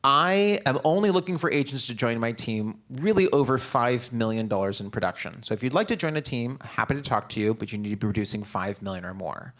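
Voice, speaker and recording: A man leads a live business seminar in a direct, upbeat coaching manner. His voice sits in an ordinary middle pitch. He keeps checking in with the audience through short questions. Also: expressive, a bit bright. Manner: peppers talk with quick check-in questions to the audience. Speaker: real estate seminar presenter.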